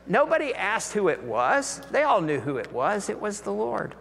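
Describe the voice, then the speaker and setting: A man preaches a sermon in a big church hall, and his voice carries a long reverb. His tone is bright and forceful, pitched a little high, and he tells the story with lively energy, acting out the voices of the people in it. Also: normal speed, creaky, few pauses.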